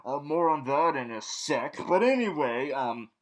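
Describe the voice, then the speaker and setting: A man's voice: a little high, expressive, a little slow. A young man in a villain persona, rambling through a casual, snarky TV recap full of fillers and restarts. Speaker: vlog host recapping a TV show.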